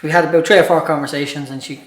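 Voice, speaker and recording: A man with a Dublin accent chats in a relaxed podcast conversation, spinning stories from running a shop. He jokes and laughs easily as he talks. His voice echoes around the room. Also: a little high, rapid-fire. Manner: jokey storyteller, laughs often. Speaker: shop manager. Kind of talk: casual podcast chat.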